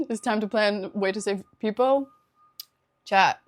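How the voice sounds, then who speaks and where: A woman's voice: medium pitch, takes it slowly. A young woman live streaming, chatting casually with her viewers, laughing often and thanking them for subscriptions.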